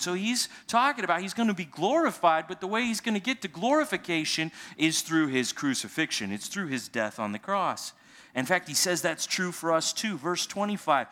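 A man's voice: high voice, sing-song, normal speed, pushed and bright. A man preaching a sermon in a church, explaining scripture in a conversational way with plain paraphrased asides. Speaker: pastor. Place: church sanctuary. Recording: long hall reverb.

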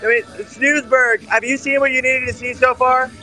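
A man's voice: very high voice, flat delivery, pushed and bright, soft background music. A man hosting a casual live chat, joking and swearing. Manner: joking, swearing, talks in quick bursts. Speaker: host.

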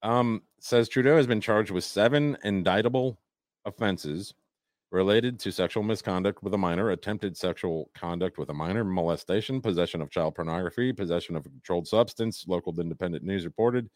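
A man co-hosting a live talk show, reading news stories aloud with halting restarts and casual asides. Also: sits low, no room sound, clean studio sound. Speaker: podcast co-host. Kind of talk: casual live-stream chat.

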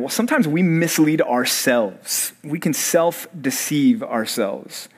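A man's voice: a little high, lively intonation, moderate pace, hardly any pauses, slightly rough. A man in his thirties, a pastor, preaching a sermon to college students and quizzing them with fill-in-the-blank questions. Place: church service for college students.

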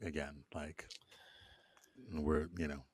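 A man's voice: extremely low pitch, little pitch movement, slow, breathy edge, no room sound. A man hosting a casual podcast, loose and profane, wrapping up the show. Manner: loose, profane, laid-back sign-off. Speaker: host.

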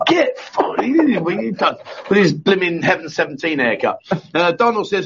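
A man's voice: high voice, big pitch swings, normal speed, hardly any pauses, fairly bright tone, slight background noise. A man hosting a casual live chat show, reading out viewer comments and joking with his co-host. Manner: jokey, banters with co-host, frequent restarts. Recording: dull lo-fi stream audio.

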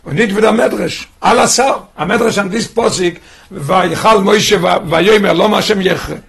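A man's voice: sits high, moderate pace, vocal fry, fairly bright tone, husky. A man teaching a Torah lesson as a rabbi, asking one rhetorical question after another. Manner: poses rhetorical questions, mixes in Yiddish and Hebrew terms.

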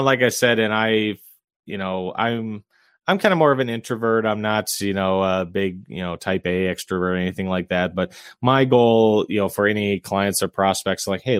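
Casting: lower-pitched relaxed male podcast guest, dry close mic, chuckles a lot. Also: moderate pace, clear, resonant tone, no room sound. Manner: easygoing, chuckles often, many fillers. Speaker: podcast guest, real estate investor and realtor. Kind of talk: casual interview chat.

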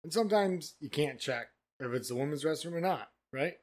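A man co-hosting a casual podcast, joking crudely and riffing into loud mock sales pitches. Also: lively intonation, a little fast. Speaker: podcast co-host. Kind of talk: casual chat.

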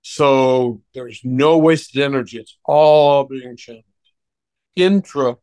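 Deliberate man voice coach, dry sound. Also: mid-range voice, darkish tone, no echo. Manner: deliberate, reflective, anecdotal. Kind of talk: podcast interview conversation.

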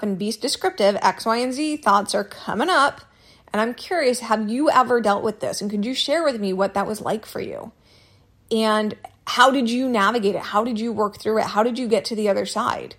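Candid woman podcast host. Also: on the high side. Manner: candid, repeats herself, mild swearing. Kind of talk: casual solo podcast advice.

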